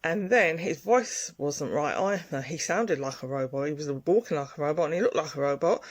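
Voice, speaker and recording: A woman casually telling a personal story in an animated way, repeating words for emphasis. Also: low voice, moderate pace.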